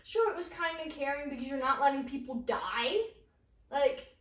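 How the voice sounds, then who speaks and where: A woman in casual chat, excited and emphatic, with many fillers. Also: high-pitched, normal speed, recorded from a distance. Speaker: co-host. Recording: roomy sound from off-mic.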